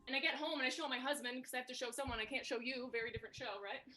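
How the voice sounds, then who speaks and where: A woman's voice: high voice, rapid-fire, bright, forceful tone. A woman comic telling brash, self-mocking stories in a stand-up set over a video call.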